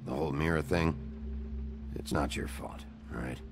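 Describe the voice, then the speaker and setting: An actor playing a gruff, weary male sheriff investigator in a video game, over game music. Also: steady tone, moderate pace. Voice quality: very deep, gravelly. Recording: game audio with music behind.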